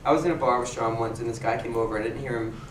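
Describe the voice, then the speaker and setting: A man, an actor on a convention panel, telling casual stories in an expressive, swinging delivery. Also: rapid-fire. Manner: expressive, swings from low mumble to loud laughing bursts. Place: convention hall. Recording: echoey hall, distant mic, loud background noise.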